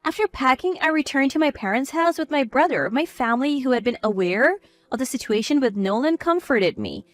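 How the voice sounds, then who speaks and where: Lively high-voiced woman narrating a story. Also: a little fast. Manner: cool, firm. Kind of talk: first-person story narration.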